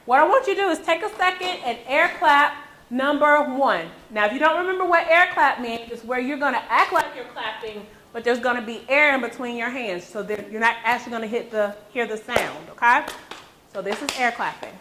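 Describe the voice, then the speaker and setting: High bright-voiced woman teaching music class, upbeat, keeps asking the kids okay?. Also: brisk, low-quality recording. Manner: encouraging, checks in with frequent "okay?". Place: school classroom.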